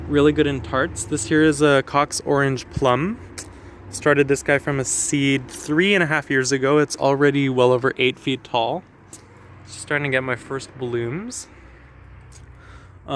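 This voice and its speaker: A man's voice: medium pitch, fairly bright tone. Chatty young man touring garden. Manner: chatty, self-correcting, quick little laughs. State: a bit out of breath from walking. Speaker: gardener vlogger. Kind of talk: casual garden tour walkthrough. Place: backyard garden outdoors. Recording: faint outdoor noise, passing planes.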